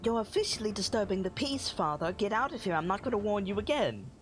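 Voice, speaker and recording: A man voicing a stern, impatient young woman guard in a tabletop game, pitching his voice up. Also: big pitch swings, fast, a bit bright, a little hiss or hum. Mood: curt. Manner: curt, exasperated.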